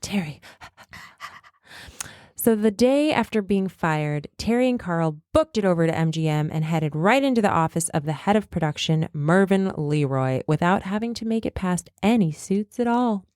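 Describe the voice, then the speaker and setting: A woman hosting a podcast, retelling a story in an animated, jokey way. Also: fairly low pitch, moderate pace, no room sound, clean studio sound. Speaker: podcast host. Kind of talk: casual storytelling chat.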